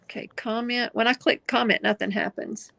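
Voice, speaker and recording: Gravelly bright-voiced woman on a phone. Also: a little high, fairly even intonation, moderate pace, no room sound. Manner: easygoing, reads comments aloud. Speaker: guest crafter. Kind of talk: casual livestream chat.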